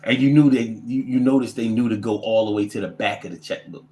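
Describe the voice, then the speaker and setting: A man, telling comic stories and reading viewer comments in a profane, animated, rambling way. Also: fairly low pitch, fast talker, roomy sound, a little hiss or hum. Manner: animated, profane, rants with repetition. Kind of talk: casual comedic storytelling.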